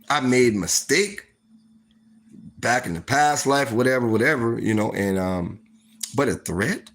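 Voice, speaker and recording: Animated man telling a story. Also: medium pitch. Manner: animated, profane, full of "like" and "you know". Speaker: storytime vlogger. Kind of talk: casual storytelling monologue.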